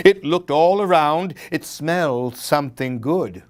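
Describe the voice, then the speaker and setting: A man reading a spooky children's story aloud as a children's librarian, in an animated, dramatic storytelling manner. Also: a little high, measured pace, few pauses.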